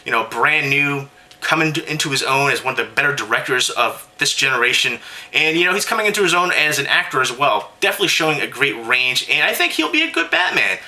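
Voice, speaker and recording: A male vlogger rattles off his opinions at a quick clip, talking emphatically and straight to his viewers. His voice is bright and sharp at a middle pitch, with a casual, off-the-cuff delivery. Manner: emphatic and conversational, directly addressing viewers. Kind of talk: casual opinion rant to camera.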